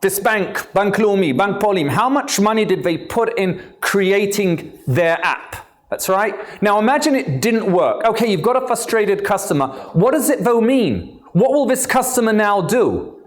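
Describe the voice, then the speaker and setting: A man's voice: high voice, expressive, a little slow. A man in his fifties with an English accent, born in England and raised in Israel, giving a conference talk. He is engaging, asks the audience questions and jokes with them. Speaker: conference speaker.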